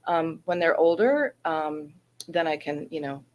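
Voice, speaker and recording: Energetic woman telling animated stories. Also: low voice, measured pace, dull audio. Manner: energetic, animated storytelling with acted-out quotes. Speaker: Reiki practitioner, wellness center guest. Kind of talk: casual interview chat.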